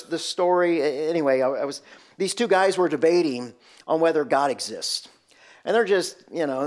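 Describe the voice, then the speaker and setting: Storytelling preacher, man with a fairly high voice. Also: darkish tone. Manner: storytelling preacher, asks rhetorical questions. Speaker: pastor. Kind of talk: sermon.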